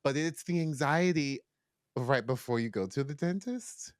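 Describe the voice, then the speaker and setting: A man's voice: mid-range voice, normal speed, no room sound, studio quality. A young man co-hosting a podcast, chatting casually and playfully, slipping into sing-song bits and mock voices. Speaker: podcast co-host. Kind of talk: casual chat.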